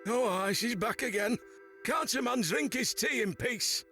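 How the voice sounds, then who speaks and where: A man's voice: extremely high pitch, animated, unhurried, pushed and bright, faint music behind, heavily acted. An actor playing a crotchety old man in a point-and-click adventure game, snapping at visitors in a Northern English accent. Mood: grumpy. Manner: grumpy, snapping. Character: crotchety old man hoarding tea sugar.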